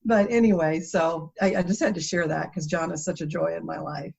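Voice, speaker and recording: Lively storytelling woman, lo-fi sound. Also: low voice, a little fast, gravelly, slightly rough. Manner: animated storytelling, laughs often. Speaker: interview guest. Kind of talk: conversational interview. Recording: dull lo-fi interview audio.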